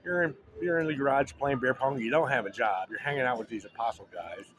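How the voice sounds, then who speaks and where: A man's voice: mid-range voice, fast talker. Rambling joking man over background noise. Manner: rambling, joking, frequent restarts and asides. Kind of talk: casual comedic monologue.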